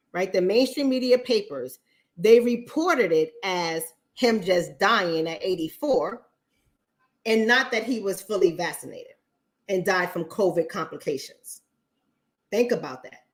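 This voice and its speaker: A blunt woman hosting a casual livestream, speaking straight to her audience. She swears freely and circles back to repeat her points for emphasis. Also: mid-range voice. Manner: blunt, profane, addresses viewers directly. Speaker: online talk show host.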